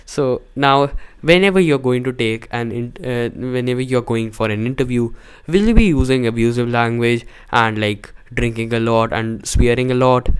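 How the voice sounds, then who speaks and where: A man's voice: medium pitch, moderate pace, clear, resonant tone. A young man talking to camera in a rambling way, full of fillers, restarts and stressed words. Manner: stresses single words for emphasis. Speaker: vlogger. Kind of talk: casual talk to camera.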